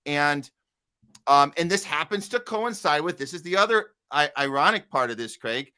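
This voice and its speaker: A man's voice: on the high side, expressive, normal speed, pushed and bright, clear, resonant tone. A man hosting a political podcast, talking in a loose, rambling way with lots of fillers and reading out headlines. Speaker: podcast host. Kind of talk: casual political commentary.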